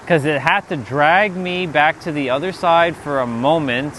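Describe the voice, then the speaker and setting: A man in a casual spiritual monologue, animated and swearing, talking back to God in mock dialogue. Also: fairly high pitch, normal speed, slight background noise. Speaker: spiritual vlogger.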